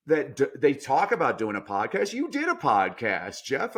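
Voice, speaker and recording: Energetic man telling stories emphatically. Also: moderate pace, few pauses. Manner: energetic, emphatic, swings between loud punchlines and low asides. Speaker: guest, speaking coach. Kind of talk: animated storytelling in a podcast interview.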